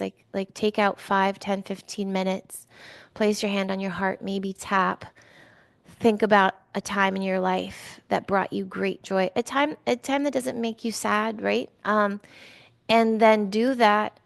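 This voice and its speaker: A woman's voice: mid-range voice, gravelly, dry recording. A middle-aged woman giving a weekly card reading, talking in a chatty, emotional way with many fillers and restarts. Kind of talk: casual spiritual talk.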